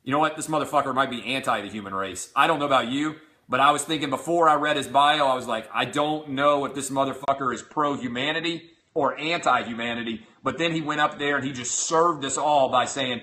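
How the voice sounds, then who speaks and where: A man's voice: mid-range voice, moderate pace, pushed and bright. A man hosting a show, reading out hostile messages aloud with sarcastic, profane mockery. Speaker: host. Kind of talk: reading out hate tweets.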